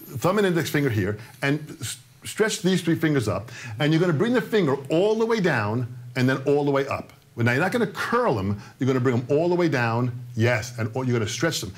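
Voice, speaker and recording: A man's voice: medium pitch, big pitch swings, a little fast. A man in his sixties teaching a live-streamed drum lesson, coaxing and joking as he repeats his instructions. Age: 60s.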